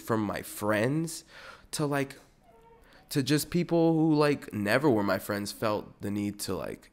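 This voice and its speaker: A man with a fairly low voice who hosts a podcast. He talks in a loose, animated ramble, stacking fillers like "like" and "dude" as he chases his point. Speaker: podcast host. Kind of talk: casual podcast rant.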